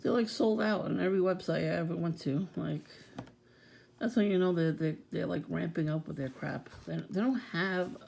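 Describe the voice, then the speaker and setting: A woman's voice: fairly low pitch, normal speed, vocal fry, darkish tone, slight background noise. A woman vlogging in a casual, blunt rant, swearing freely and laughing often.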